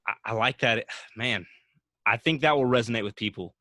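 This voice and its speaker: A man's voice: medium pitch, moderate pace, pushed and bright, no room sound. A man hosting a casual podcast, upbeat and encouraging, turning often to speak straight to his listeners. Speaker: podcast host.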